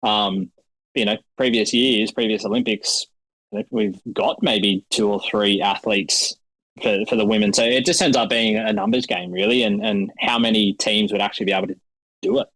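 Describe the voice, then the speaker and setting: A man, a bobsledder guest on a podcast, easygoing and relaxed, with many ums and "you know"s. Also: on the low side, normal speed, no echo, low-quality recording. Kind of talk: casual interview chat.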